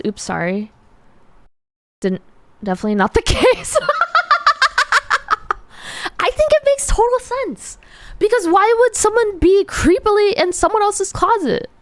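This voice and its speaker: Animated, playful woman streamer. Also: very high-pitched, no echo. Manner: giggly, chatty, playful with chat. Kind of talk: casual live stream chat.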